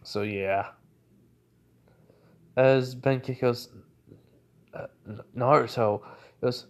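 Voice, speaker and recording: A man's voice: mid-range voice, fairly even intonation, extremely slow, long pauses. A man casually retelling a made-up crossover story, rambling with many fillers. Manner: rambling, heavy use of "you know" fillers. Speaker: fan storyteller.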